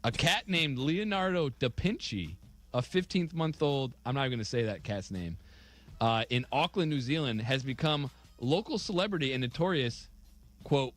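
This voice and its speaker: A man co-hosting a radio show, reading offbeat news stories aloud and chuckling at them. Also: mid-range voice.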